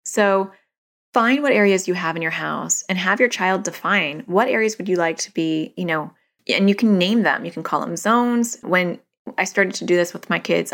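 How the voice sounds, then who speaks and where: A woman's voice: fairly low pitch, normal speed, gravelly, a bit bright. A woman in her thirties talking casually into a microphone as a podcast host, chatty and self-deprecating. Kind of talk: casual solo talk. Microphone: studio microphone.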